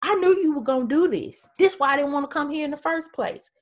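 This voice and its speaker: A woman's voice: high-pitched, lively intonation, quick pace, pitched above the performer's own voice. A woman voicing an exasperated, sulking male prophet, complaining in a whiny, indignant way.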